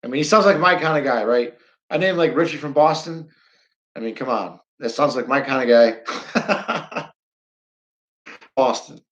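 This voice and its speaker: A man hosting a casual live stream, chatting loosely with his viewers and reading their comments aloud. He rambles and repeats words as he goes, at an ordinary pitch. The audio is dull and lo-fi. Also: measured pace, long pauses, fairly bright tone.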